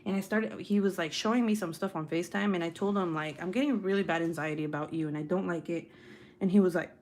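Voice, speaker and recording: Young woman chatting with her viewers live, kinda low voice, cusses a lot, laughs easy. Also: quick pace, a little mellow, slight background noise. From United States. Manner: casual, swears freely, laughs often. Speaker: livestream host reading viewer comments. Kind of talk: casual live chat.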